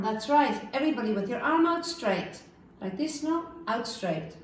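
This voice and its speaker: A woman teacher leading a phonics lesson for young children, slowly sounding out letters in a sing-song way. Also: fairly high pitch, sing-song. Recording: echoey room, far from the mic, faint background hiss.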